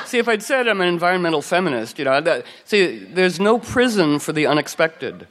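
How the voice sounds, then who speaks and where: A woman's voice: on the low side, big pitch swings, a little fast. Playful, chatty woman storyteller with a meandering delivery, recorded with long reverb. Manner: rambling, playful, full of "you know" and restarts. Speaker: radio show host, telling anecdotes as a guest. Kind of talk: casual storytelling chat.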